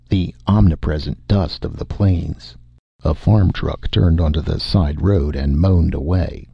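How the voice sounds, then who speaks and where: A man narrating an audiobook in a steady, measured way. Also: low-pitched, gravelly, husky, no echo. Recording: dull, dry recording.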